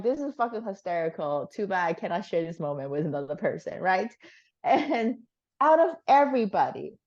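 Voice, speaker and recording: Woman guest, low voice, animated chatty storyteller who swears casually; dull lo-fi sound.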